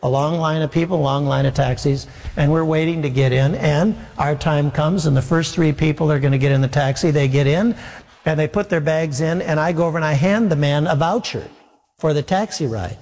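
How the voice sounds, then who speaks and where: A pastor tells a sermon story with a wry, self-mocking humor and plays every part in the exchange himself. His voice sits a little high for a man. The sound rings out with the long reverb of a large hall. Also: fairly quick. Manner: animated, self-mocking storyteller acting out dialogue.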